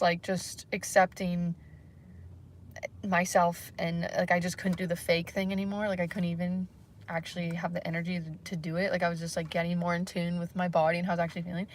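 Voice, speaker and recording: Young woman, anxious livestream host; halting, self-searching ramble, full of fillers. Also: mid-range voice. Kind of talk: candid solo livestream chat.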